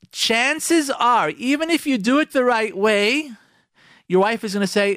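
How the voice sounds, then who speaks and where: Animated rabbi giving blunt marriage advice. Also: male voice, high voice, dry recording, clean studio sound. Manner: animated, acts out imagined husbands and wives in quick asides. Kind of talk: radio talk monologue. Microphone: close studio microphone.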